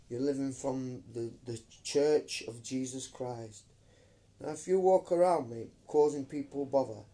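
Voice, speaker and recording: Ranting man, dark voice. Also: a little high. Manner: emphatic, swearing, calls listeners mate. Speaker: vlogger. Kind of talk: ranting live-stream monologue. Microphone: phone camera.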